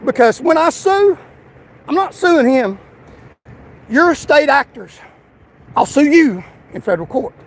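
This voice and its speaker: A man's voice: very high-pitched, sing-song, unhurried, long pauses. A man, a taxi driver arguing with police outdoors by a busy road, lecturing and insistent. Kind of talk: heated street argument.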